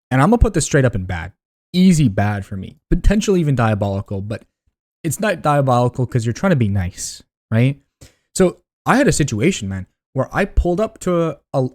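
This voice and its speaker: A man's voice: medium pitch, a little mellow. A young man in casual commentary to camera, ranking driving habits in an exasperated, slangy way and calling viewers buddy and dude.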